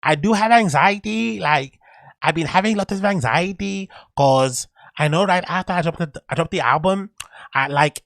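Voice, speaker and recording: A man's voice: on the high side, fairly bright tone, no room sound, pitched above the performer's own voice. A man putting on the voice of a brash, sweary female New York rapper, with a put-on Latina accent.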